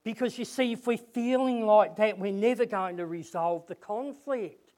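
A man's voice: high voice, normal speed, a little mellow. A man preaching a sermon and leading a prayer, earnest, often repeating words as he goes.

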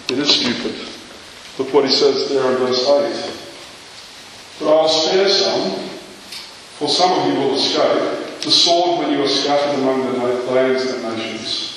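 Preacher in a very echoey church. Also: male voice, mid-range voice, fairly bright tone. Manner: earnest, rhetorical questions, builds to emphatic peaks. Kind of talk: sermon. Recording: very echoey church hall, faint noise.

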